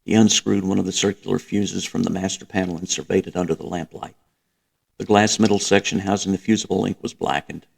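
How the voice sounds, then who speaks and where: A man narrating a novel in a measured, even reading. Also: low-pitched, gravelly, slightly rough. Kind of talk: audiobook reading.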